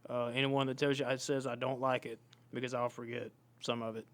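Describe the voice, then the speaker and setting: A man co-hosting a casual podcast, speaking in a measured, easygoing way with frequent filler pauses. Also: mid-range voice, little pitch movement. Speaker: podcast co-host and indie wrestler. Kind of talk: casual chat.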